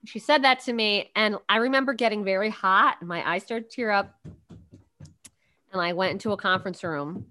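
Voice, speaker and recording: Bright-voiced woman chatting on a video call. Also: medium pitch, normal speed. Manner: chatty storyteller, lots of ums and uhs. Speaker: podcast co-host. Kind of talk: casual chat over video call.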